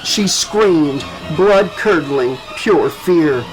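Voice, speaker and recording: A man narrating a horror novel as an audiobook, measured and dramatic. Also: a little high, expressive, soft background music, rough recording. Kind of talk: scripted narration.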